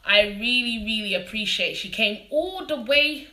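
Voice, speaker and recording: Chatty london woman hosting a live chat, bright and bubbly, echoey room. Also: a little high, animated, unhurried. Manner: chatty and bubbly, laughs often. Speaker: host. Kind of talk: casual live interview. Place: living room.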